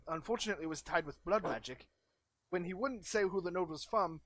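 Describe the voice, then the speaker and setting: A man voicing a formal, fretful old male wizard in a tabletop role-play, speaking in a stiff, halting way. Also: a little high, a bit bright, no room sound.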